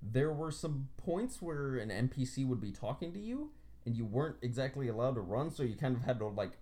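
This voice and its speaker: A woman's voice: a bass voice, animated, brisk, dark tone. A woman co-hosting a podcast, chatting casually about a video game, laughing often and swearing freely. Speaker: podcast co-host.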